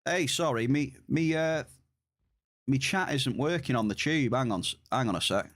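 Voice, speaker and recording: A man's voice: medium pitch, expressive, moderate pace, a bit bright. A man live-streaming a game, chatting casually and laughing at his own attempts to pronounce words. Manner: laid-back, chatty, laughs at own pronunciation.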